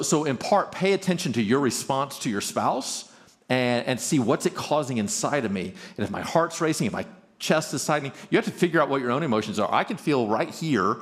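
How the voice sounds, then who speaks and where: A man of ordinary pitch gives a live talk to an audience. He sounds earnest and conversational and often restarts his sentences as he explains his point. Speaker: marriage conference speaker.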